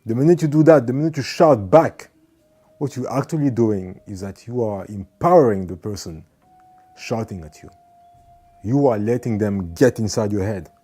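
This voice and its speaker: A man with a lowish, slightly rough voice delivers an earnest motivational talk at normal speed. He tends to repeat phrases and points, and now and then acts out angry people shouting.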